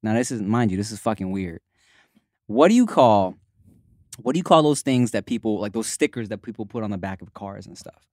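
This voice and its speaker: A man's voice: fairly low pitch, lively intonation, brisk, a little mellow, dry recording, studio quality. A man with a Los Angeles accent, hosting a casual chat in a slangy, laid-back way. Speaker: podcast host.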